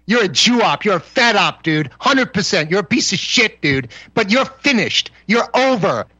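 A man's voice: sits high, big pitch swings, normal speed, sharp tone, slightly rough, dry recording, lo-fi sound. A man arguing on a call-in radio show as a guest, confrontational and profane, hammering the same insults over and over. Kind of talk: heated call-in radio argument.

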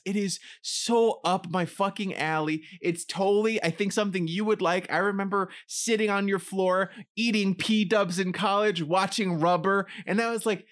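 Young dude cohost, pretty high voice, gushes about movies, super eager. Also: male voice, steady tone, normal speed, hardly any pauses, a bit bright. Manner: eager, enthusiastic film talk. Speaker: podcast co-host. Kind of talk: casual podcast chat.

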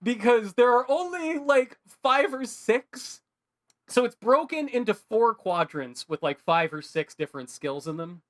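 A man co-hosting a podcast in casual chat, rambling and animated, with heavy filler words. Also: very high voice, measured pace. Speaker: podcast co-host.

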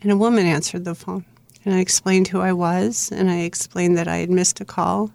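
A middle-aged woman, an author guest on an interview show, earnestly recounting her own life story in plain, steady narration. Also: lowish voice, a little fast, gravelly, no room sound.

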